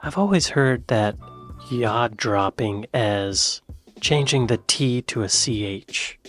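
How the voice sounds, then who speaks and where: American man, reaction host, playful, mid pitch, swinging intonation, faint music behind. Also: lively intonation, takes it slowly, a bit bright. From United States. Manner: playful, repeats words aloud to try them. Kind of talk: casual reaction commentary.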